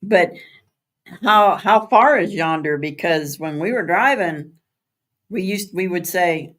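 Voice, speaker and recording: A woman's voice: lowish voice, lively intonation, slow pace. Chatty woman hosting a late live stream. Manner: chatty, laughs often, answers viewer comments by name; spells out words letter by letter. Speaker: livestream host. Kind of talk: casual live chat with viewers. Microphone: streaming setup.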